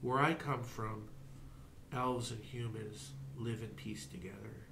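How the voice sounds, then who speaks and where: A man's voice: lowish voice, steady tone, gravelly, noisy background. A man voicing a solemn, formal elf envoy. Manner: measured, formal speech. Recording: roomy echo.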